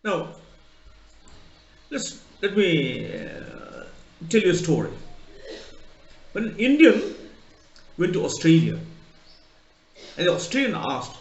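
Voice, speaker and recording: Lively lecturing man in an echoey room. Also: high voice, unhurried, pauses often. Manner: spells words out letter by letter, tells anecdotes. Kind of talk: recorded college lecture. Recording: echoey room, dull lo-fi sound.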